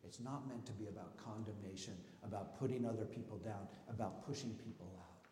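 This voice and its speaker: Pastor preaching in a reverberant sanctuary. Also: male voice, fairly low pitch, a little fast, warm tone, a little hiss or hum. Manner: conversational preaching with asides and rhetorical questions. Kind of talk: sermon. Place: church sanctuary. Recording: roomy hall reverb.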